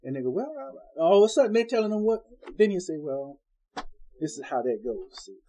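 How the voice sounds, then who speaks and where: A man's voice: on the high side, sing-song, fast talker, mellow, a little hiss or hum, poor audio. A man preaching an informal Bible-study sermon in a folksy, conversational way, acting out the people he quotes.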